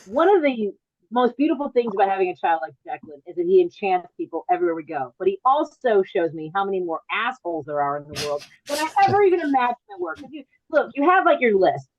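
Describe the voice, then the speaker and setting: A woman comedian performs a rambling stand-up set on a virtual show over a video call. Her medium-pitched voice is very animated and fast, though the recording is muffled with slight background noise. She often stops and restarts sentences and laughs at her own jokes.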